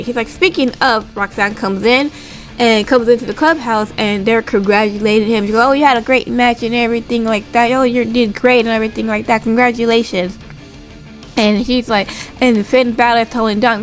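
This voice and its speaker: A woman casually recapping a wrestling show, retelling scenes with quick impressions and swearing freely. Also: fairly high pitch, soft background music. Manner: animated, swears casually, laughs.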